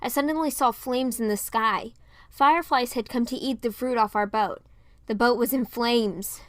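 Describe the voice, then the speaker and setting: A woman's voice: fairly high pitch, moderate pace, a bit bright, dry recording. Woman reading her fan fiction aloud.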